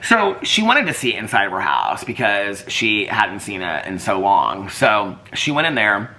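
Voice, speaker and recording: A man's voice: on the low side, big pitch swings, unhurried, sharp tone. A man vlogging in casual chat, rambling and filling his talk with "like". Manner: rambling, heavy use of "like".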